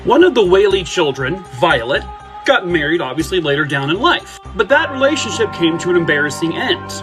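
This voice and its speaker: A man's voice: sits high, very animated, a little fast, music in the background. A man telling haunted house stories in a casual way, cracking irreverent, swearing jokes and asking the audience questions. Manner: jokey, irreverent asides with swearing. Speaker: haunted-place storyteller. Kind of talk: casual storytelling to viewers.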